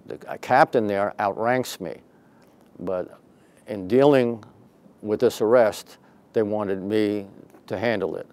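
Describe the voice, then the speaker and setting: An older man, a retired detective and boxing referee, telling a story in an interview, animated and profane, acting out the dialogue. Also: on the low side.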